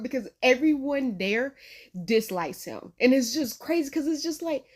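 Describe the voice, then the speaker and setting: A young woman hosting a reaction video, chatting casually with lots of slang, frequent laughter and sudden high squeals. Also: expressive, normal speed. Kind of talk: casual chat to camera.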